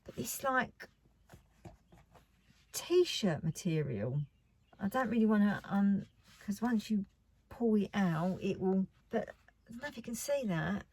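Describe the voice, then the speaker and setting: A woman's voice: medium pitch, expressive, takes it slowly, pauses often, a little mellow, breathy edge. A woman chatting casually about her craft haul. She rambles and often drops to a near whisper. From United Kingdom. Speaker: craft vlogger.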